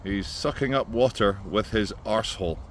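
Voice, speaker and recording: A man's voice: on the low side, moderate pace. Sardonic man filming street traffic. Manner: sardonic running commentary. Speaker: vlogger host. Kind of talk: walking street vlog commentary. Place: outdoors on busy city streets. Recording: street traffic noise behind.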